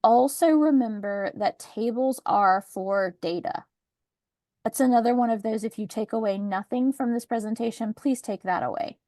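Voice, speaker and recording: A woman's voice: fairly high pitch, moderate pace, warm tone, dry recording. A woman presenting a webinar over a video call, explaining document accessibility in a chatty, practical way with the odd sarcastic aside.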